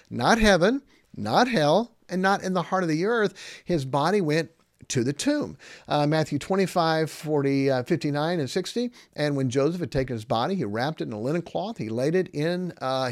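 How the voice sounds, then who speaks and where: A man's voice: on the high side, dry recording, clean studio sound. A man hosting a podcast, teaching Bible doctrine in an emphatic way, asking questions and answering them himself and reading verses aloud in old-fashioned wording. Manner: reads scripture aloud in King James wording. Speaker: podcast host.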